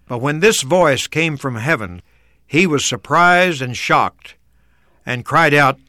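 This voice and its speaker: Crisp, bright man explaining scripture. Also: a little high, slow pace, dry recording, studio quality. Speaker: radio program co-host, Bible teacher. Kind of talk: explanatory teaching talk.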